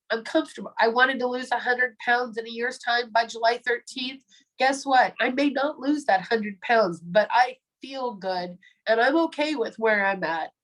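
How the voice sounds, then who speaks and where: A woman's voice: fairly high pitch, fairly bright tone, low-quality recording. A woman in her forties giving a chatty testimony on a video call, acting out the quoted voices as she tells it. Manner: chatty storyteller, acts out quoted voices, frequent ums. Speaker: product distributor sharing a testimony.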